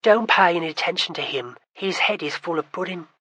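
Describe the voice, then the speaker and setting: A man voicing a sharp-tongued young woman in her twenties who teases her brother. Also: sits high, expressive, brisk, no room sound, heavily acted. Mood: teasing. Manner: teasing.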